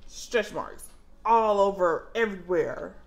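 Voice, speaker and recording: In a casual vlog with a bit of background noise, a woman in her thirties slowly recounts stories about her kids. She's a dramatic, lively mom vlogger who bursts into loud, high exclamations when acting things out.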